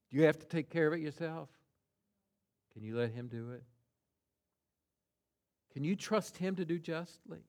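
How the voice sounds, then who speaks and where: A pastor preaching a sermon, emphatic and deliberate, swinging from hushed tones to loud cries and stressing single words. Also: male voice, fairly high pitch.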